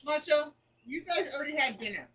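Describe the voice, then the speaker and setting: A woman's voice: high voice, expressive, brisk. A woman chatting casually about her chickens at home, coaxing and scolding the birds as she goes. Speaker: backyard chicken keeper. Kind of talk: casual vlog chat. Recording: tinny, distant, noisy with clucking chickens. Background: chickens clucking.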